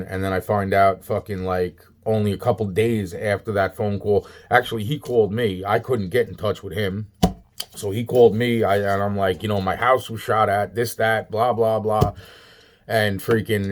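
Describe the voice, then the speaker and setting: A man's voice: lowish voice, flat delivery, normal speed. A man in a rambling, agitated, profane monologue, repeating himself. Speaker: vlogger.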